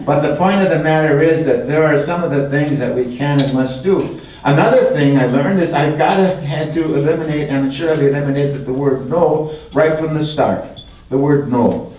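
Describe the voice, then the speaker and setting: A man's voice: fairly high pitch, normal speed. An older man from Wisconsin giving a folksy public talk, mixing humor with repeated phrases. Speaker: guest speaker. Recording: distant, roomy, dull hall recording. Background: audience laughter.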